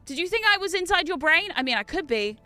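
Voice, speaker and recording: A woman with a New Zealand accent giving casual gameplay commentary as a streamer. She talks loudly and excitably and swears a lot. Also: very high voice, fast talker, faint music behind. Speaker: VTuber streamer.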